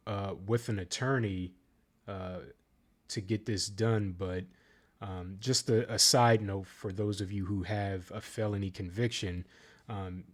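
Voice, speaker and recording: A man hosting a reaction video, commenting casually with frequent ums and uhs and restarts. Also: fairly low pitch. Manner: halting, many ums and uhs. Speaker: reaction channel host.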